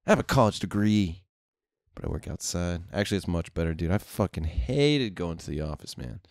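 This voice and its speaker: Brief: young man, low voice, dry close sound, profane and rambling podcast host. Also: lively intonation, fairly quick, no echo. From Houston, Texas. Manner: profane, laid-back rambling with laughs. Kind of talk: casual storytelling chat.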